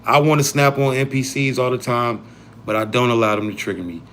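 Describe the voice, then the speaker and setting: Mid-pitched man streaming to chat, slangy and profane, light hiss behind. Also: steady tone, fairly quick, a bit bright. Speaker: livestream host. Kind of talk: casual livestream talk.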